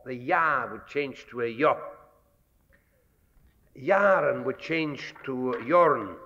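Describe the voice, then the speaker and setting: A man giving a measured, scholarly public lecture, pausing often with fillers. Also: fairly high pitch, a bit bright. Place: lecture hall. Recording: dull archival 1960s lecture recording with long hall reverb.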